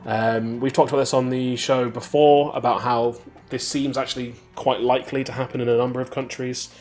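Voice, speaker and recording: Host, male, mid pitch; reads news crisply, then chats loosely with his co-host. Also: little pitch movement, darkish tone. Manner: brisk, reads headlines then banters. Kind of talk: reading games news and chatting.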